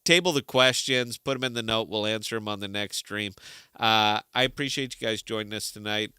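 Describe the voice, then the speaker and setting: A man co-hosting a casual livestream chat, joking and animated, sometimes sliding into rants. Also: fairly low pitch, brisk, clear, resonant tone, no echo, studio quality. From Des Moines, Iowa. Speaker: podcast co-host.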